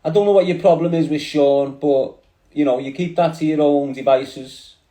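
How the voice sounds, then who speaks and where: Scouse guy on insta live, rambly street slang, mellow voice, echoey room sound. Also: on the high side, steady tone, normal speed. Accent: Liverpool. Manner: rambling, streetwise slang, addresses viewers directly. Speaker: livestream host. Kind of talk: casual livestream chat.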